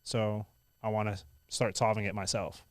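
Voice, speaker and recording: A young man from India who now speaks with an American accent, telling stories as a guest in a casual interview, animated and full of "like". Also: fairly low pitch, moderate pace, no echo, studio quality. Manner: animated, lots of "like" and "I was like" quotes.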